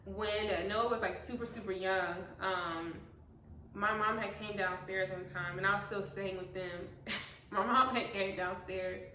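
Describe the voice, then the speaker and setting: A young woman, the host, chatting casually with a mom friend and telling stories with lively, acted-out scenes. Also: medium pitch, a little slow, slight background noise. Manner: animated storyteller, acts out scenes with big laughs. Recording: echoey room, mic at a distance.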